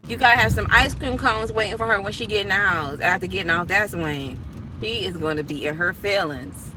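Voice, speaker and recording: A woman's voice: mid-range voice, fairly quick. A young woman and property manager chatting casually to her viewers, telling stories with frequent laughter, from a parked car on her phone. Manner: chatty, storytelling, laughs often. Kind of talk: casual live chat to viewers. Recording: street noise from outside the car.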